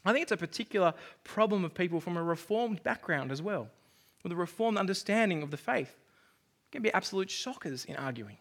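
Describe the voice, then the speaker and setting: Bright-voiced male preacher. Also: sits high, animated, fairly quick. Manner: conversational, self-deprecating preaching with acted asides. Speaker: pastor. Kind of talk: sermon.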